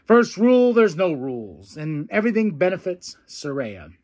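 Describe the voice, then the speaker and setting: A young man hosting a podcast, casually recapping a wrestling show, animated and laughing often as he acts out wrestlers' lines. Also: high voice, normal speed. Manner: animated, quotes wrestlers in excited put-on voices, laughs often. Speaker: podcast host.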